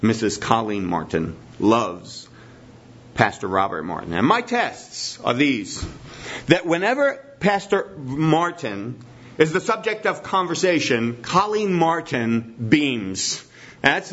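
A man's voice: a little high, fairly bright tone. A man preaching a sermon in a teacherly way, repeating his key points for emphasis. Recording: dull lo-fi recording.

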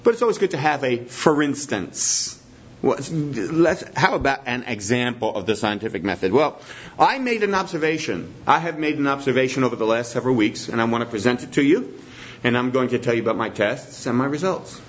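A man's voice: medium pitch, expressive, brisk. A man preaching a sermon in a teacherly way, repeating his key points for emphasis. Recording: dull lo-fi recording.

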